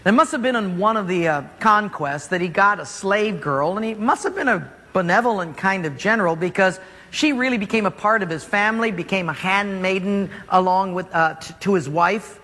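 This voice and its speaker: A man's voice: high-pitched, normal speed, pushed and bright, in a large hall. A man preaching a sermon as pastor, telling the story animatedly with jokes.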